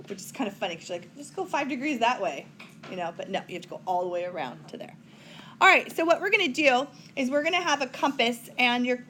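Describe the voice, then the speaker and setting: A woman's voice: on the high side, fairly bright tone, a little hiss or hum. Chatty woman teaching a math lesson. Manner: chatty, playful asides to students. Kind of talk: recorded whiteboard math lesson.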